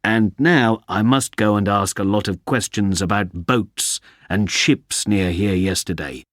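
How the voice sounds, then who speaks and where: A man's voice: lowish voice, measured pace, fairly bright tone, no room sound, studio quality. A man as a matter-of-fact policeman.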